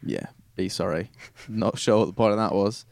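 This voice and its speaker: A man with a fairly low voice, recorded close and dry with no room sound. He retells old stories in an offhand, irreverent way, swearing and sketching quick character voices. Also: gravelly, a little mellow, no echo. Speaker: podcast co-host retelling Bible stories. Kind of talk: casual chat.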